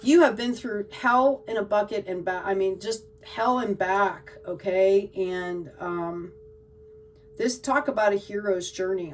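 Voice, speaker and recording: A woman's voice: medium pitch, a little slow, far from the mic, slight background noise, poor audio. A woman giving a tarot card reading to her viewers in an emotional, gushing way, often checking in with "okay?". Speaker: tarot reader.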